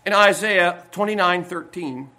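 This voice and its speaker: Male pastor, high-pitched folksy sermon voice, rambling, given to loud bursts. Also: unhurried. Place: church sanctuary.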